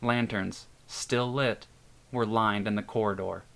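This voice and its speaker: A man narrating a scripted horror story in a steady storytelling manner. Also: on the low side, a little slow, vocal fry. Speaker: narrator and author.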